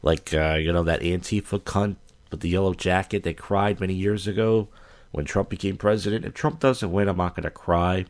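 A man with a low, deep voice hosts a podcast in a loose, rambling way. His talk is crude and blunt, and he often stops and restarts his sentences while he sets up clips. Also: fairly even intonation, moderate pace. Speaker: podcast host. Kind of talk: casual podcast commentary.

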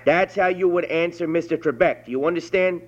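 New York man, higher pitched, loud bullying prank caller who swears nonstop; lo-fi tape. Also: a little fast. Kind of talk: prank phone call.

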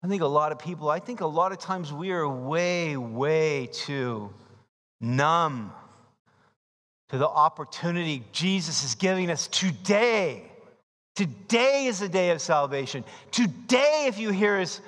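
High-voiced preacher in an echoing hall. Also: male voice, a little slow. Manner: animated, acts out voices and shouts for emphasis. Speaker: pastor. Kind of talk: expository sermon. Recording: long reverb of a large hall.

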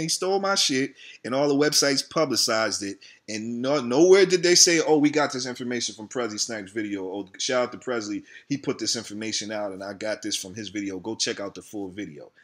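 A man's voice: mid-range voice, brisk, hardly any pauses, a bit bright. A man, ranting heatedly and profanely in a casual vlog about his channel. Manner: profane, heated, repetitive venting. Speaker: video creator.

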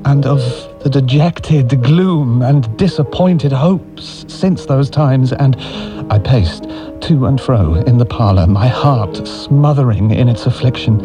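A man's voice: mid-range voice, expressive, slow pace, music in the background. A man giving an anguished, emotional dramatic reading of letters. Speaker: reader.

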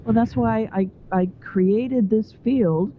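A woman's voice: on the high side, slow pace, slight background noise. A woman guest on a phone interview who talks at length and wanders between points as she explains her ideas. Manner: talkative and digressive. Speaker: guest author. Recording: tinny phone line.

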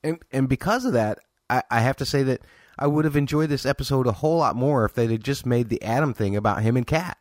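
A man's voice: medium pitch, fast, no room sound, studio quality. A man hosting a podcast, casually reviewing a TV episode in a chatty way, with frequent restarts and exasperated asides. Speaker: podcast host.

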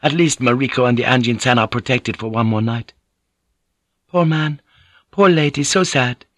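A man's voice: mid-range voice, moderate pace, a bit bright, dry recording, natural voice. A man voicing an anxious young Japanese woman who scolds and soothes herself in her thoughts. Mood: pitying. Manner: urgent inner voice, chiding herself.

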